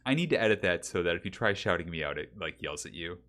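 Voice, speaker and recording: A man's voice: low-pitched, expressive, fast, a bit bright. A man streaming a game, chatting casually with his viewers, rambling and reading their names aloud, on a desk mic with a pop filter. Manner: rambling, talks to chat, reads names aloud. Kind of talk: casual livestream chat. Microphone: desk mic with pop filter and windsock.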